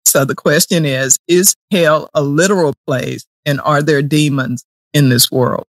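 Calm male podcast host, dry sound. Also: fairly high pitch, a little slow, dry recording. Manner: calm, with brief affirmations. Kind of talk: interview questions.

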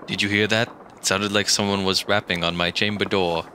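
A man's voice: low-pitched, flat delivery, fairly quick, background noise, lightly acted. A young man putting on a befuddled old man. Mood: flustered. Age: young adult. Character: bumbling unnamed elderly man, easily flustered. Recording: loud music underneath.

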